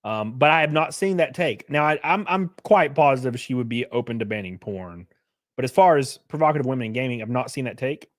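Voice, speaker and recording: A man's voice: mid-range voice, animated, brisk, no echo, studio quality. A young man chatting casually on a live stream, reading chat aloud with loose, jokey slang.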